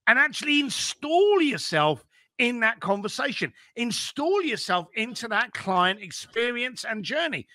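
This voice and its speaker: A man being interviewed as an entrepreneur, giving blunt, energetic business advice and swearing casually. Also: very high voice, a little slow, no echo, clean studio sound. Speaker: entrepreneur guest.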